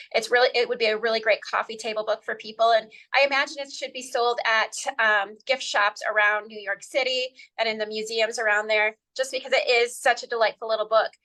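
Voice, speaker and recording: A woman's voice: on the high side, a bit bright. A woman hosting a podcast interview, chatty and bubbly, asking questions in a casual way. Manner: bubbly, chatty, laughs often. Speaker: podcast host.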